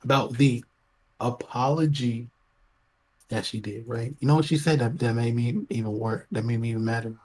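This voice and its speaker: A man co-hosting a podcast, talking excitedly, interrupting and stammering through restarts. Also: mid-range voice, moderate pace. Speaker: podcast co-host. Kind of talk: heated casual podcast talk.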